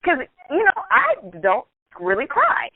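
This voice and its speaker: A woman hosting a call-in radio talk show, telling a personal story in an earnest, animated way. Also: high voice, measured pace, gravelly, no room sound. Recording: tinny phone-line sound, dry.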